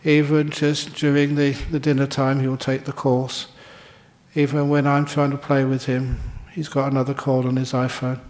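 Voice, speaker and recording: A man's voice: medium pitch, monotone, moderate pace, darkish tone, close to an everyday voice. A man voicing a wistful young boy of about nine, in a plain, earnest retelling.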